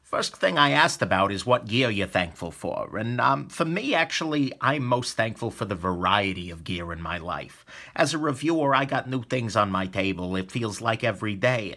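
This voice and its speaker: A man's voice: mid-range voice, pushed and bright. A young adult man hosting his own channel, talking casually and enthusiastically to viewers with jokey asides. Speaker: knife reviewer and channel host. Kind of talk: casual video talk to viewers.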